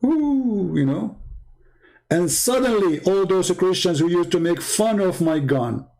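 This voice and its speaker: A man talks in a fairly high voice, pressing his points hard and repeating himself. His English grammar is broken, and he tells stories in a casual, conversational flow. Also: lively intonation, measured pace, darkish tone. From Middle East. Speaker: Christian apologist. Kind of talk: casual monologue with storytelling.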